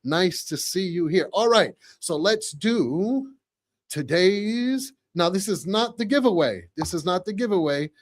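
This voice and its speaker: A man in his forties hosting a podcast live, chatting casually with viewers, reading comments and repeating phrases excitedly. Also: high voice, unhurried, a little hiss or hum. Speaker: podcast host.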